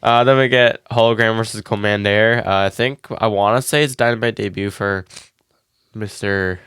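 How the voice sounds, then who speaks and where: A man's voice: lowish voice, fairly even intonation, moderate pace, fairly bright tone, clear, resonant tone, dry recording. A congested man co-hosting a casual wrestling podcast, rambling through match play-by-play with lots of "like" and "um". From Canada. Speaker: podcast co-host. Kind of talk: casual wrestling recap chat. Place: home basement.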